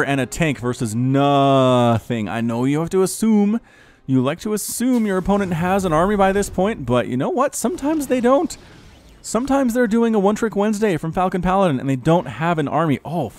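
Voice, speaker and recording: A man hosting and shoutcasting a strategy video game match, chatty and excitable with frequent laughing asides. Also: on the high side. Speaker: esports shoutcaster and channel host. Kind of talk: live game commentary.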